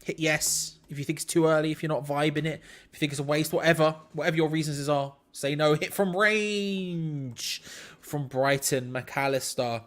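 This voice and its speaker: A man's voice: on the high side, normal speed, fairly bright tone. A man hosting a live football watch-along, commenting on play to his chat in disbelief and laughing at bad defending.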